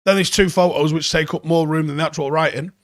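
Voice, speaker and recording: A man's voice: on the high side, fairly even intonation, quick pace, dry recording, studio quality. A young man hosting a football reaction channel, ranting sarcastically and swearing in exasperation.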